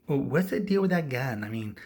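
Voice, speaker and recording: Casting: faux-friendly, threatening coworker, husky and lively, as a man mocks him. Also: medium pitch, brisk, pitched above the performer's own voice. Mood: chummy.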